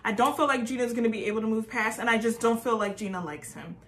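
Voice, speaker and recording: Bright-voiced woman co-host, casual chat. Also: on the high side, quick pace. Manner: laughs often, playful, sings snippets. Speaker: podcast co-host. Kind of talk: casual chat reviewing a reality show.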